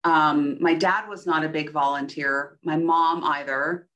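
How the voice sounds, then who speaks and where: Upbeat female podcast co-host, lower voice. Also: steady tone, measured pace, a bit bright, muffled recording. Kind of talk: casual chat.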